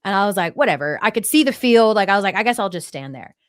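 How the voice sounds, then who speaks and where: A woman's voice: mid-range voice, quick pace, smooth, no room sound, clean studio sound. A woman sports anchor, a guest on a podcast, chatting casually and acting out the quotes in her stories. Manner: lively storyteller, acts out quotes. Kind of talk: casual interview chat.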